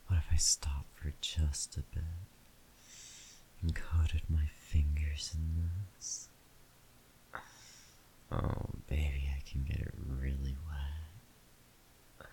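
A man in a whispered role-play, talking slowly and intimately to the listener in a breathy whisper broken by moans. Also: rumbling low, level tone, mellow, a little hiss or hum. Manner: slow, intimate, second-person address. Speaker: erotic audio performer.

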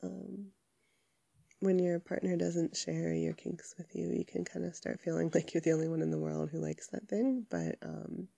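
Young woman, sick voice, flat, dark tone, dry close sound, casual rambling chat from the couch. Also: lowish voice, normal speed, creaky, husky, dry recording.

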